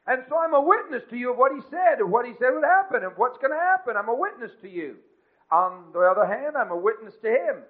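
A man preaches with a high voice that climbs to emphatic peaks and falls to quiet asides. The sound is thin and narrow, like a phone line. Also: very animated, brisk. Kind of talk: sermon. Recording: tinny phone-like lo-fi recording.

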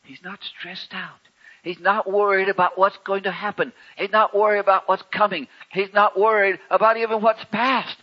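A man preaching a sermon in a folksy, conversational way, with wry humor and sharp swings between loud and soft. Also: high-pitched, level tone, moderate pace, dull audio.

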